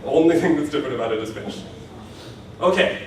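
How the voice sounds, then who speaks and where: A man's voice: medium pitch, lively intonation, fast talker, distant mic, slight background noise. Man teaching in an echoey classroom. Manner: explains patiently, models words for repetition, laughs now and then. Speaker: Japanese language teacher. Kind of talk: classroom lecture.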